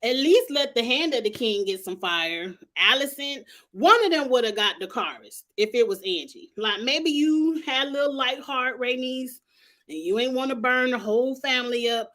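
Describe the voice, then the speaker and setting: Brash woman hosting a casual TV recap, somewhat high-pitched, talks right at the characters. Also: moderate pace. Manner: sassy, talks straight to the characters; animated, slangy and blunt. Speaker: TV show reviewer. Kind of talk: casual commentary.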